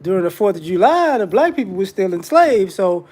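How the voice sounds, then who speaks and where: High-voiced man ranting casually. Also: brisk. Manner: rambling, repetitive restarts, animated. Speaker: commentator. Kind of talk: casual commentary monologue.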